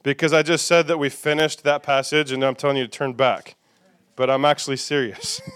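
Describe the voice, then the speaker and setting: A man's voice: a little high, big pitch swings, fairly quick, fairly bright tone, clean tone. A man preaching a sermon as pastor, conversational and playful, leading the congregation in call-and-response.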